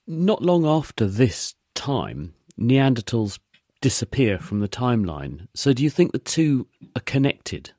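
A man interviewing a researcher, asking calm, probing questions. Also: mid-range voice, measured pace, no echo, studio quality.

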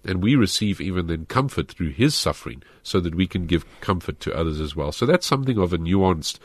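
A man's voice: sits low, big pitch swings, fairly quick, dry recording. A man, a pastor earnestly explaining faith questions in a studio discussion. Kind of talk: Christian talk show discussion.

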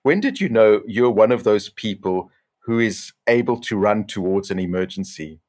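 A man interviewing a guest, reading measured, prepared questions. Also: fairly low pitch, lively intonation, darkish tone.

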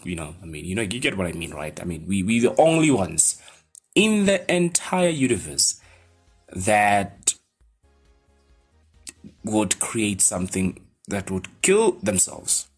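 A man's voice: fairly low pitch, slightly rough. A South African man giving a loose, rambling science lesson, often checking in with his listeners and filling gaps with ums and "right?". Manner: rambling, talks to listeners with many fillers and "right?". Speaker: teacher. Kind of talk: informal lecture.

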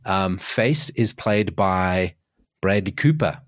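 A man in his forties co-hosting a podcast, telling stories in casual chat, excitable, with many restarts. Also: takes it slowly, no room sound. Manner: animated storyteller, jumps in pitch, restarts often. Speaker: podcast co-host.

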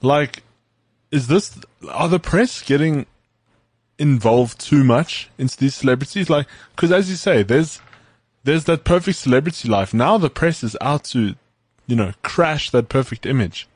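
Relaxed man, dry sound. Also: medium pitch, unhurried, husky, no room sound. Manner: relaxed, agreeable, brief backchannels. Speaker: podcast co-host. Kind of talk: casual podcast chat.

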